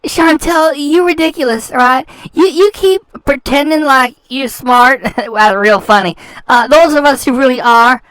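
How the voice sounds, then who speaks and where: A woman hosts a reaction channel, delivering ranting commentary that's sarcastic and taunting, repeating words to show scorn. Her high voice is unhurried, a bit bright and clean, in a dry recording.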